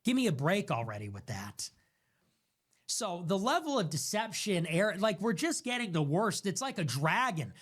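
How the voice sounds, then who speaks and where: A man ranting through political commentary with a voice that swings widely in pitch, rising and falling as he hammers each point. His delivery is emphatic and accusatory, piling up words one after another. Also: very animated, moderate pace, fairly bright tone.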